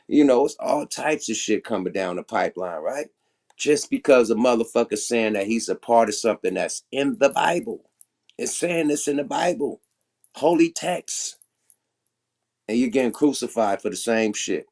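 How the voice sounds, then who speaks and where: A man's voice: medium pitch, lively intonation, normal speed, a little mellow. Profane, emphatic male livestream host. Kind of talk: casual livestream commentary.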